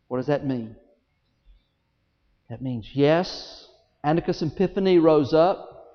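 A man preaching a sermon to a congregation, with big swings in pitch and loudness and many rhetorical questions. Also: moderate pace, long pauses. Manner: speaks to the congregation directly, asks rhetorical questions. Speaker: pastor. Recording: dull audio in a large reverberant hall.

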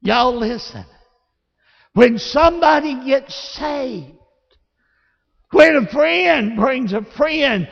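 A man with a Southern accent preaching a sermon, telling folksy stories and rising to shouts. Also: extremely high pitch, lively intonation, very slow, gravelly, long pauses. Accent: Southern American. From Alabama. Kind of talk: sermon with storytelling. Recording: lo-fi, long reverb of a church hall.

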